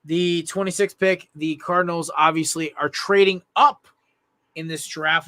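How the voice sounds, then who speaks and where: A young man hosting a casual sports podcast, upbeat and quick, laughing often. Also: a little high, fairly even intonation, bright, forceful tone, a little hiss or hum. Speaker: podcast host running a mock draft.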